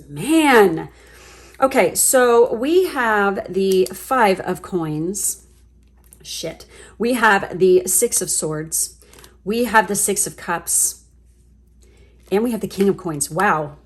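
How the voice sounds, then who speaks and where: A woman giving a casual tarot reading to her viewers, chatty and gushing, swearing freely as she gets excited. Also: mid-range voice, takes it slowly, slightly rough. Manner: chatty, with fillers and trailing asides. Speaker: tarot reader.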